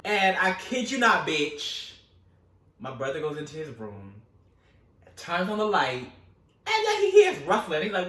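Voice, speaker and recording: A man spinning a wild story in a casual vlog, animated and profane. His voice is bright and slightly high, with a roomy echo as if he sits back from the mic. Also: measured pace, recorded from a distance. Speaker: storytelling host.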